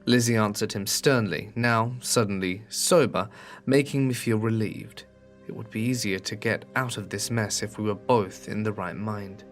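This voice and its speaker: A man reading a first-person scary story aloud in steady, earnest scripted narration. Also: fairly low pitch, normal speed, soft background music.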